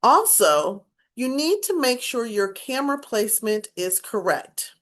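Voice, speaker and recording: A woman's voice: fairly high pitch, very animated, unhurried, a bit bright. A woman speech instructor giving a recorded class lecture, explaining and demonstrating points with emphatic, varied inflection.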